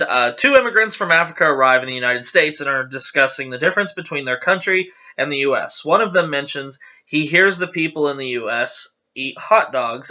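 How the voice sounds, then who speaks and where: A man's voice: medium pitch, bright, forceful tone, muffled recording. A man hosting his channel, casually reading viewer jokes aloud with chatty, giggly, self-deprecating asides.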